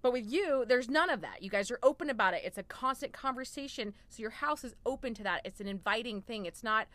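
Bright, dry-sounding woman podcast guest. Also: a little high, expressive, fast talker, no room sound. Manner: rambling, self-deprecating, laughs easily. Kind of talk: casual chat.

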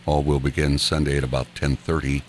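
A man's voice: a bass voice, flat delivery, a little fast, a little hiss or hum. A man hosting a morning radio show, chatting in an easygoing way with a chuckle. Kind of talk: casual radio chat.

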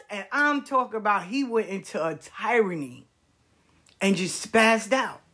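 A woman telling a story in a casual, animated way, full of slang and emphasis. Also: medium pitch, measured pace.

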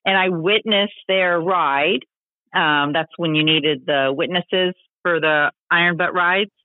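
A woman telling stories as a podcast guest, animated and chatty, acting out the voices of people she quotes. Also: on the low side, slow pace, no echo. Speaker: podcast guest, long-distance motorcycle rider. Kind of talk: casual storytelling interview. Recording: tinny phone-like line, dry.

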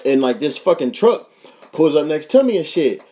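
Animated young Kentucky man telling a story. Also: a little high, moderate pace. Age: young adult. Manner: animated, profane, acts out voices in his story. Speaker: podcast host. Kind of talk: casual storytelling.

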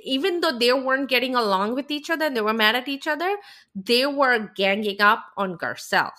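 A woman's voice: a little high, expressive, a little fast, pushed and bright. A woman co-hosting a podcast, recapping a reality show in a heated, indignant casual rant. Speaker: podcast co-host.

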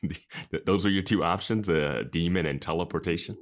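A man's voice: sits low, moderate pace. A man co-hosting a podcast in casual chat, laughing often and joking. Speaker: podcast co-host.

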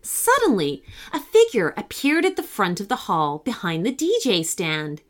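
A woman narrating a children's story in scripted storybook style, lifting her voice for the excited girls. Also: normal speed. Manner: expressive, voices the girls with higher excited pitch.

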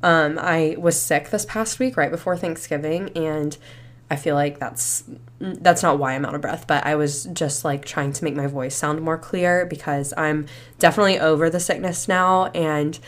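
A young woman hosts a solo podcast, talking casually in a chatty, reflective way peppered with fillers like "you know" and "like." Still recovering from a cold, she sounds a bit stuffy and short of breath. Her voice sits low, with a steady tone and moderate pace.

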